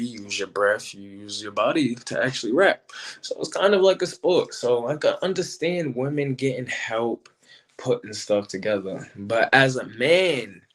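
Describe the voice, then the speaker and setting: Slangy, animated man talking battle rap. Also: mid-range voice. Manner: animated, slangy, repeats himself. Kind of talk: casual commentary monologue.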